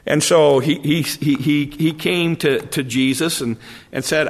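Gravelly male preacher in a reverberant hall. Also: on the high side, steady tone. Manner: halting, repeats words often, conversational. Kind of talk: sermon.

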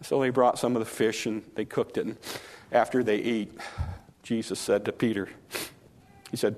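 A medium-pitched man preaches a sermon, retelling scripture as a story with acted-out dialogue, and he slows down and softens his voice for emphasis.

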